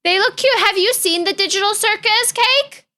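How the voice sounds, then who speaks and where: A woman's voice: very high-pitched, normal speed, sharp tone. A young woman streaming live, chatting casually in a bubbly, giggly, easily distracted way.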